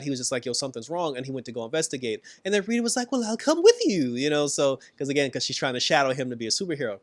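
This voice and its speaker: A man casually recapping and reviewing a TV episode, animated, laughing often and acting out the characters' lines. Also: medium pitch, dry recording.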